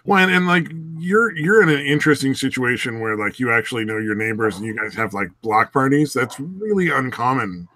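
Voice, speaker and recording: Easygoing guy agreeing along in podcast chat, brightish voice, medium pitch. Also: a little fast, few pauses, no echo. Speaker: podcast co-host. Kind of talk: casual chat. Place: recording studio.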